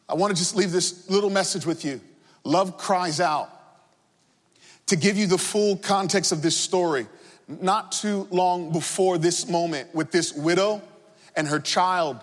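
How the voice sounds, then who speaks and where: A man reading scripture aloud and then preaching about it, in an earnest, deliberate way, often repeating words as he builds a point. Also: high-pitched. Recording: long reverb.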